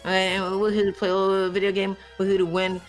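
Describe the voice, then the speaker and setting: A young woman doing live esports commentary in a playful, excitable, jokey way. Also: mid-range voice, quick pace, soft background music.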